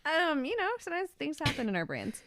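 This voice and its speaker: A woman's voice: high-pitched, very animated, quick pace, a bit bright, no echo. A woman co-hosting a podcast, recapping a TV episode in casual chat with dry, teasing quips and frequent laughs. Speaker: podcast co-host.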